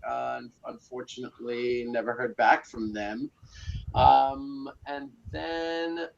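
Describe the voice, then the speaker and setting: A man's voice: mid-range voice, steady tone, takes it slowly, vocal fry, a little hiss or hum. A man in his forties from South Africa, telling his story as an interview guest with many fillers and restarts. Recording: slightly muffled audio.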